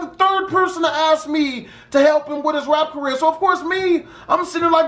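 A young man with a strikingly high voice tells a story with plenty of swearing and slang. His voice rings out in a room with a lot of echo. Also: moderate pace, hardly any pauses. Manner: profane, animated street slang. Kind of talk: casual story time. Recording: roomy echo.

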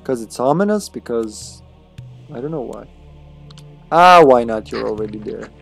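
A man's voice: mid-range voice, animated, moderate pace, gravelly, a bit bright. Man, livestream gameplay commentary, casual, swears, yelps at hits, faint music behind. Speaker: streamer.

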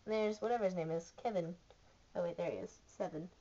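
A woman's voice: lowish voice, a little fast, lo-fi sound, heavy background noise. A woman vlogging casually and teasing her pet, playful and full of laughs and fillers. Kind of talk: casual vlog talking to a pet.

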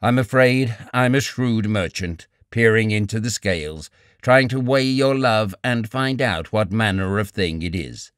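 A man voicing a bitter young male writer who argues in a cool, measured way, read in an audiobook. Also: on the low side, smooth, no echo, studio quality, lightly acted. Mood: reasoning. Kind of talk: audiobook character reading.

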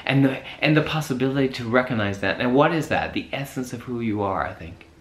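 A man's voice: medium pitch, expressive, a little fast. A man giving a reflective spiritual talk, rambling and searching for words with many restarts. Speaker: host. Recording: echoey room.

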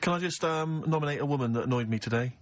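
Fast-talking, mocking man. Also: fairly high pitch. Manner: dry, mocking. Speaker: radio co-host. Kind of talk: casual radio banter. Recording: dull lo-fi radio recording with faint hiss.

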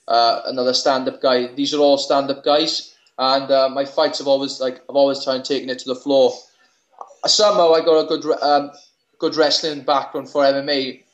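A young Welsh man in his twenties, a fighter being interviewed, who talks in a halting way and often repeats and restarts his words. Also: medium pitch. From Wales. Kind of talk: casual interview. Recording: echoey room, dull lo-fi sound.

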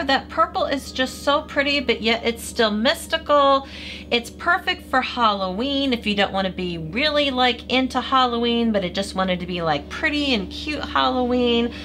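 A woman gushing enthusiastically as she reviews press-on nails in a casual vlog. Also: a little high. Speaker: nail product reviewer.

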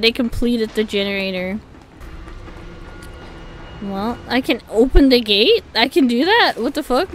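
A young woman streaming a horror game, excitable and foul-mouthed, shouting and laughing between muttered remarks. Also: a little high, unhurried, pauses often, slight background noise. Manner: excitable, swears a lot, shouts and laughs in bursts. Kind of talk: live gameplay commentary. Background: game music.

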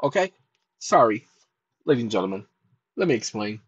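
A man's voice: mid-range voice, lively intonation, moderate pace, breathy edge, dry recording, lo-fi sound. Chatty man hosting a rambling monologue. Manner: chatty, repetitive, addresses viewers directly. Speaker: channel host.

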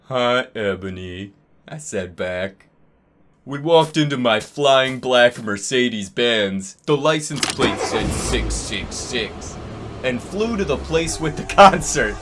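Slow, animated man co-reading for laughs. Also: medium pitch, noisy background. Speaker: co-reader. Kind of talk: comedic dramatic reading.

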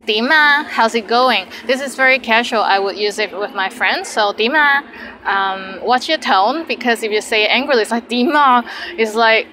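A young woman, teaching vocabulary in a chatty video lesson and repeating each word slowly for learners. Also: a little high, bright, forceful tone, a little hiss or hum, poor audio. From Hong Kong. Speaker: language teacher.

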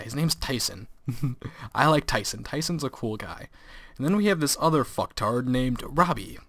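A man's voice: mid-range voice, a bit bright, no echo. Teenage male gameplay commentator; casual, rambling storyteller who laughs a lot. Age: teens.

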